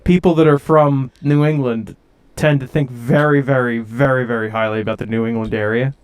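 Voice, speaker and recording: A man from Delaware County, Pennsylvania, co-hosting a podcast in casual chat with a deadpan joking manner. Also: medium pitch, brisk, clean tone. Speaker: podcast co-host.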